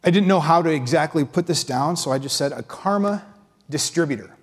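Male preacher, conversational sermon delivery, fairly high voice, breaks into playful impressions. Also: expressive. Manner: conversational, acts out quick impressions with pitch jumps.

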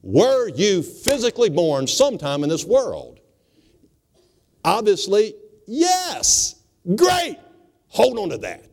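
A male pastor preaching an emphatic sermon in a church, stressing words with dramatic pauses. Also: high-pitched, wildly swooping pitch, creaky, darkish tone. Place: church sanctuary, also broadcast by radio.

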